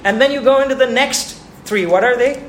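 A man's voice: very high voice, fairly quick. A man preaching a sermon who asks his listeners questions and repeats words for emphasis. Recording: echoey room with faint ambient noise.

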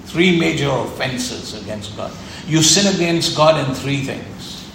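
Gravelly-voiced man preaching in an echoey room. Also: mid-range voice, lively intonation, a little slow, a bit bright. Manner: earnest, repetitive, emphatic preaching. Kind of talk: sermon. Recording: echoey room with faint ambient noise.

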